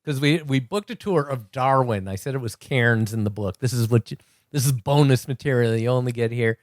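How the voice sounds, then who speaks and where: A middle-aged man, a comedy writer, telling anecdotes in a casual podcast chat with dry, deadpan wit. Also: medium pitch, brisk, dry recording.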